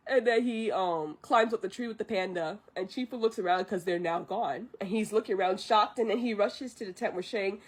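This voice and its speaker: A woman streamer reciting a film from memory, animated, laughing, pausing to recall. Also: mid-range voice. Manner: animated, laughing, stops to remember.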